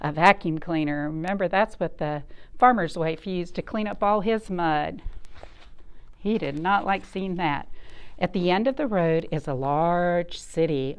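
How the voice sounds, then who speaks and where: Librarian lady reading to kids, slow and bouncy, lots of questions. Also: on the low side, smooth. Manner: animated, asks the listeners questions. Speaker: children's librarian. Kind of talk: children's storytime reading.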